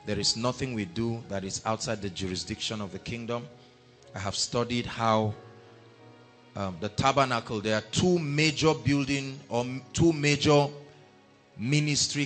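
A man preaching a sermon, breaking in with hallelujah and rising to loud, emphatic scripture reading. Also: lowish voice. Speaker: pastor. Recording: faint music behind.

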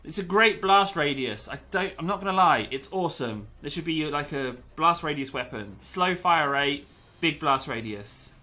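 A man's voice: on the high side, lively intonation, moderate pace, pushed and bright. A young man commentating gameplay with a lot of energy, yelping, laughing and slipping into pirate growls.

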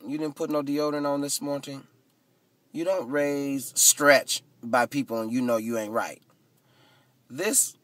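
A man casually vlogging into his phone, retelling his day with lively, dramatic asides. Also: medium pitch, no room sound, far from the mic. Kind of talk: casual storytelling vlog. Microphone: phone camera.

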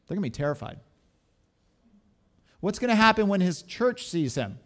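A man preaching a sermon as a pastor, animated and full of rhetorical questions. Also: high voice, normal speed.

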